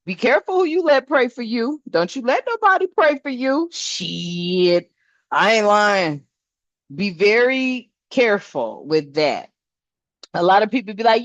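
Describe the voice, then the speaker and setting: A woman's voice: mid-range voice, animated, unhurried, no room sound. An older woman with a drawl talks straight to her viewers, salty and blunt, mixing cussing with spiritual advice. Her voice sits in a middle register. It comes through a dull, lo-fi mic in a dry, close space. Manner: salty, blunt and preachy, full of swearing and asides to "family". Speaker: spiritual channel host. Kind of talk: casual spiritual vlog talk.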